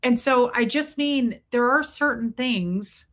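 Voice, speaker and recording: A woman's voice: on the high side, slow. A woman in her forties hosting a casual livestream, rambling and thanking viewers by name as she talks. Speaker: livestream host.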